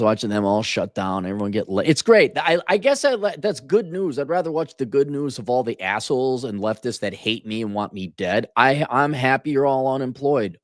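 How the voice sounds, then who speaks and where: A man's voice: medium pitch, very animated, normal speed, no room sound, clean studio sound. A tired man hosting a solo podcast, ranting with sarcasm and profanity. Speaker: podcast host. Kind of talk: casual solo podcast rant.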